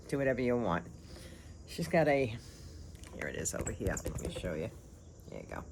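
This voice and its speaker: An older woman, a grandmother, chatting casually and lively to her vlog viewers, laughing often, on a phone held at arm's length. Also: rumbling low, slight background noise. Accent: non-local accent. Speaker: vlogger.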